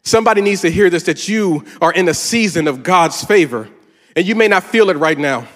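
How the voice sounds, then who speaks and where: Male pastor, middle-aged, high voice, rhythmic sermon refrains, long hall echo. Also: lively intonation, brisk, a bit bright. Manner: rhythmic preaching with repeated refrains.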